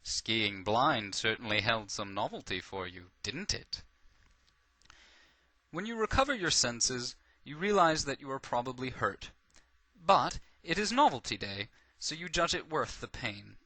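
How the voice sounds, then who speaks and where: Guy reading a funny short story, lively ups and downs, bright and dry. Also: medium pitch, unhurried, dry recording. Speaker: narrator.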